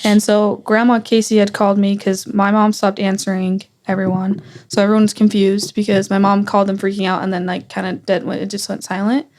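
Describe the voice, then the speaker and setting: A woman's voice: medium pitch, completely flat delivery, brisk, few pauses, a little mellow. A young woman, a guest, in a casual family conversation, retelling a painful memory in a rambling way with many fillers. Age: young adult.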